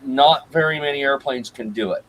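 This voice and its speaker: A man's voice: medium pitch, normal speed, fairly bright tone, rough recording. A man on a live-stream panel, explaining aircraft matters in a knowledgeable way. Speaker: panel guest. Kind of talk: casual chat on a live stream.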